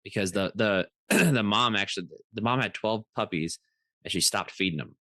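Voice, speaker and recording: Low-voiced man telling a rambling story. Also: moderate pace, bright, forceful tone, dry recording. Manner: rambling, with many restarts and fillers; acts out other people's voices in his stories. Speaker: podcast co-host. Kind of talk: casual storytelling chat.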